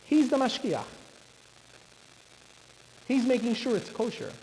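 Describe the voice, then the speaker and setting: Male rabbi, animated storytelling sermon, lively pitch, hall reverb, faint noise. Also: takes it slowly. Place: synagogue.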